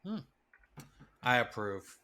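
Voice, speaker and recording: A man's voice: mid-range voice, very animated, slow, bright, forceful tone. A man co-hosting a podcast, reacting and thinking aloud in casual chat. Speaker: podcast co-host.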